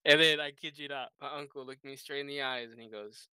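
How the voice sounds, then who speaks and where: Young man, casual chat, crisp clear tone, bright, laughs a lot. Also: medium pitch, steady tone, fairly quick, no echo. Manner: laughs often, jokey storytelling.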